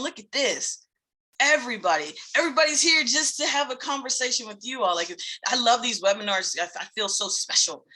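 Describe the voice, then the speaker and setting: A woman hosts a live online webinar, welcoming attendees by where they are joining from. Her voice is bright and forceful, and she keeps an upbeat, laughing tone, heard through a computer mic. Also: mid-range voice. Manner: upbeat, greets attendees by location, laughs often. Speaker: webinar host and facilitator.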